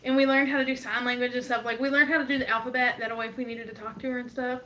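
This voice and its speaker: Young woman co-host, high and bright, animated laughing storyteller in casual chat. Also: rapid-fire. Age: 20s. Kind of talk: casual chat, reading live chat.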